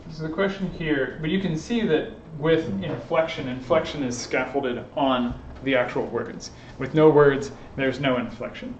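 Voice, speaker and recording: A man's voice: medium pitch, far from the mic, a little hiss or hum. A man speaks to a small group in an informal lecture, thinking aloud and circling back with fillers as he works through his points. The room sounds echoey, and the recording is dull and lo-fi.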